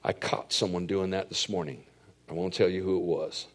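A middle-aged pastor delivers a sermon full of stories, moving between quiet asides and loud, emphatic points. His voice sits low with a steady tone, and he speaks at a normal speed.

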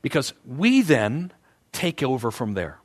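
A man preaching a sermon in a mid-pitched, everyday voice. He talks to the congregation conversationally but with emphasis, stumbling over repeated words as he builds toward each point. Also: big pitch swings, measured pace. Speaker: pastor.

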